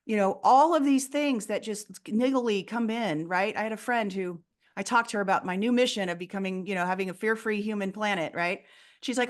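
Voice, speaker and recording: A fear coach appearing as an interview guest explains her approach earnestly, her mid-range voice brisk. In this casual conversation she often acts out the voices of people she quotes.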